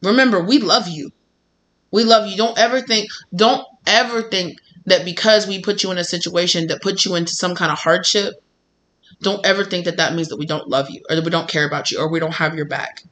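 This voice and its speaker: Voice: medium pitch, a little fast, sharp tone, lightly acted. A tarot reader voicing a spirit guide that talks to the listener bluntly but with affection. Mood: loving.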